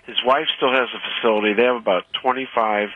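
A man's voice: medium pitch, steady tone, fast talker, background noise. A man, a veterinarian guest on a call-in radio show, telling stories in a chatty way with many fillers. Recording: phone-like radio audio.

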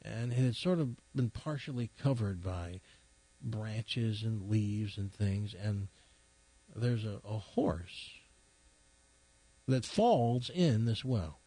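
A man's voice: on the low side, expressive, takes it slowly, mellow, husky. A man hosting a radio show who rambles through a long joke and mocks himself along the way. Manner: rambling, self-mocking storyteller. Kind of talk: morning radio banter and joke telling.

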